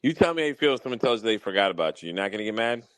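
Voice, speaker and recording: In a lowish, sing-song, slightly bright and smooth voice, a young man rattles off profane stories very fast while hosting a casual podcast, getting riled up as he talks. The recording quality is low.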